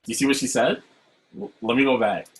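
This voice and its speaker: A man hosting a casual talk over a video call, speaking in an animated way and often checking in with "right?". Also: mid-range voice, fairly quick, rough recording. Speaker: host. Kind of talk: casual chat.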